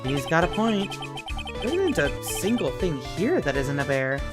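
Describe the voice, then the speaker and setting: Brief: playful woman streamer reading a game aloud, low and lively, unhurried, music under. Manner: playful, swearing, joking asides. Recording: game music playing behind.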